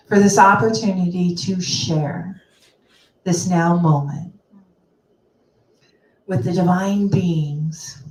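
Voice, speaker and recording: Slow, measured woman leading prayer. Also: fairly low pitch, a little mellow, a little hiss or hum. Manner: slow, measured, pausing between phrases. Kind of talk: spoken affirmative prayer. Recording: roomy, distant mic.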